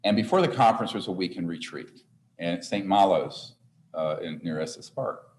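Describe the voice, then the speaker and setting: A man's voice: low voice, lively intonation, moderate pace, a little mellow. A man in his sixties speaking to a seminar audience, telling a story in an earnest, rambling way with frequent restarts. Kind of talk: live lecture to an audience. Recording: echoey room.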